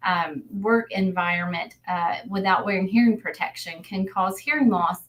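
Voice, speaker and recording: A woman's voice: medium pitch, moderate pace, a bit bright. A woman audiologist answering interview questions in a plain, explanatory way with many fillers. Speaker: audiologist, guest.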